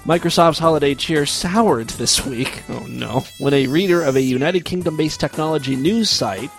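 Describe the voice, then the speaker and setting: A man's voice: on the high side, moderate pace, creaky, soft background music. A man hosting a crude, mocking comedy news show. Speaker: host.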